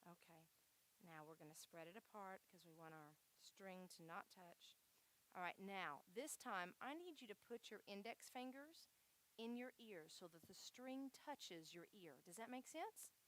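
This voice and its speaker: A woman's voice: mid-range voice, a little slow, a bit bright, a little hiss or hum. A woman leading a children's church lesson, upbeat and coaxing, often saying "all right". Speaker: Vacation Bible School leader.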